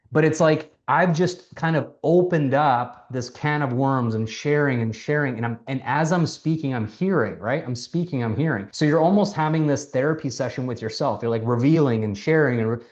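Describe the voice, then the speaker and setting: Male mentor, mid-pitch, loose and animated, casual swearing, lo-fi sound. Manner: animated, acts out quoted dialogue, swears casually. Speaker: mentor teaching sales. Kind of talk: casual coaching talk.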